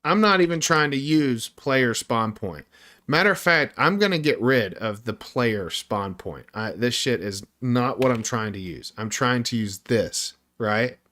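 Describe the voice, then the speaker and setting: A man's voice: medium pitch, lively intonation, measured pace, bright, forceful tone. A man developing a game on a live stream, thinking aloud through his code, frustrated and swearing constantly while he talks to viewers.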